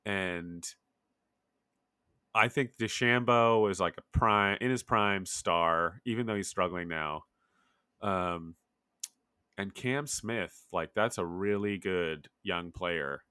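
A man's voice: deep voice, slow, bright, forceful tone, smooth, dry recording, clean studio sound. A man chatting casually about golf as a podcast co-host, rambling with lots of filler words.

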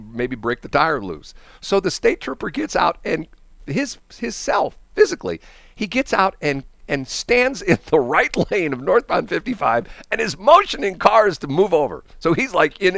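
Animated man telling a roadside story. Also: a little high, gravelly, dry recording, clean studio sound. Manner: rambling, animated, laughs often. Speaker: morning radio host. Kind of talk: storytelling on morning radio. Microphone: studio microphone.

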